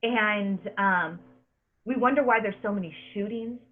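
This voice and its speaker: A woman in her thirties hosting a casual podcast, earnest and emphatic, stumbling over repeated words as she presses her point. Her voice sits at an ordinary pitch. The sound is thin and tinny, like it is coming down a phone line. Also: measured pace. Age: 30s. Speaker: podcast host.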